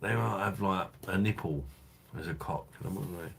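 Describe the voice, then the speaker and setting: A laughing man riffs crudely to his live stream audience in a casual, rambling way. His voice sits very low. A faint hiss of noise runs under the recording. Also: normal speed, vocal fry, fairly bright tone. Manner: laughing, crude banter with chat.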